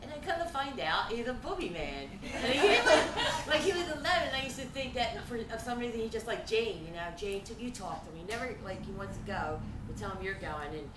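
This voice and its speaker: Woman comic, rambling storyteller, fairly high voice, heard from afar in an echoey noisy room. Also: big pitch swings, fairly quick, hardly any pauses. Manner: rambling, laughing through her stories. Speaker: stand-up comedian. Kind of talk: stand-up storytelling. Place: event venue. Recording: echoey room, far from mic, loud noise.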